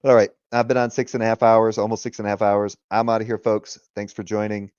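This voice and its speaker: A man's voice: lowish voice, flat delivery, fast talker, darkish tone, clean tone, no room sound, muffled recording. A man hosting a casual livestream, talking loosely, swearing freely and laughing often. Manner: retells arguments in quoted voices. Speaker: livestream host.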